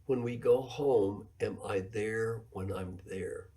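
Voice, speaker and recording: A man's voice: lowish voice, slow pace, warm tone. A man in his seventies, an executive coach giving a keynote lecture, telling stories and repeating his key points for emphasis. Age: 70s.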